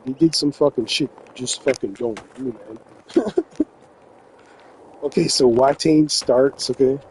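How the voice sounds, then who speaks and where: A man from New Brunswick tells a story in loose, swearing-heavy chat, laughing often as he rambles. His voice sits at an ordinary middle pitch. A faint hum of background noise runs under it. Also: measured pace, a little mellow, rough recording. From New Brunswick, Canada. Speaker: gaming vlogger telling a story. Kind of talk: casual storytelling.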